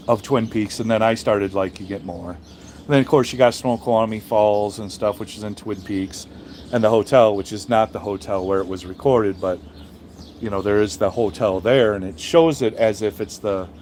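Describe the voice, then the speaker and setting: This trucker streamer has a lowish, slightly mellow voice and talks at a moderate pace over a little background noise. Reading his chat, he rambles, swears heavily, speaks bluntly and keeps restarting his sentences in casual conversation.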